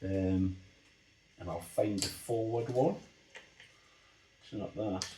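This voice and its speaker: A man narrates his model building in an easygoing, thinking-aloud way. His voice sits on the lower side. The sound carries a roomy echo from the workshop around him. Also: slow pace, a little hiss or hum. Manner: relaxed, thinking aloud while working, explaining as he goes. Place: hobby workshop bench.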